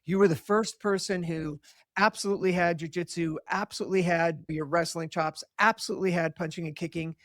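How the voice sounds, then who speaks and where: A man's voice: on the high side, fairly even intonation, a little fast, fairly bright tone, no room sound, studio quality. A man hosting an interview podcast, asking his guest questions with enthusiasm. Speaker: podcast host.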